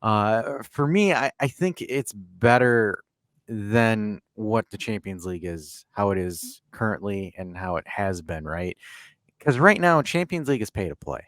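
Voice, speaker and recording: A man on a casual podcast with a fairly low voice, recorded dry and close. He teases his co-hosts and rambles through animated opinions. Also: measured pace, no echo. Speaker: podcast co-host.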